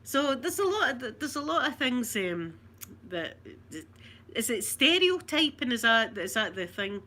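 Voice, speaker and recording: Scottish lady nattering away to her viewers, laughs a lot, kinda high voice. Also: very animated, measured pace, sharp tone. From Scotland. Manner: chatty, laughs often, reads out viewer comments. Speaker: vlogger. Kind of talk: casual live chat.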